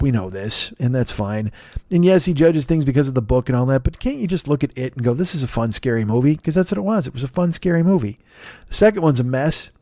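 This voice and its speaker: A tired man in his forties hosting a comedy podcast, rambling through shout-outs with yawns, swearing and self-mockery. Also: mid-range voice, no room sound, studio quality. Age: 40s. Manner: rambling, profane, self-mocking, sleepy. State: tired and yawning. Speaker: podcast host. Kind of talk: solo comedy podcast plug segment.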